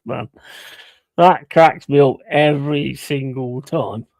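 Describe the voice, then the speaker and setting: A man's voice: a little high, animated, slow pace, gravelly, darkish tone, dry recording. A man chatting casually on a live stream, rambling and swearing between chuckles.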